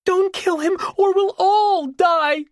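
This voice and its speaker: A man's voice: extremely high pitch, slow, no echo, clean studio sound, pitched above the performer's own voice. A male audiobook narrator voicing a desperate young woman who screams urgent warnings. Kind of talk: audiobook character voice.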